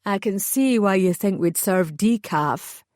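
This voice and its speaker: A woman's voice: medium pitch, normal speed, warm tone, dry recording, clean studio sound, natural voice. A woman narrator voicing a friendly young male fairy receptionist who speaks politely and kindly.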